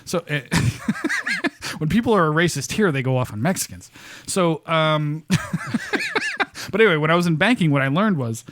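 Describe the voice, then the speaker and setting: A man's voice: a little high, big pitch swings, normal speed, fairly bright tone, no echo. Sex: man. Origin: from upstate New York. Role: podcast host. Style: casual chat, rambling and profane, laughing often. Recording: dry, close mic.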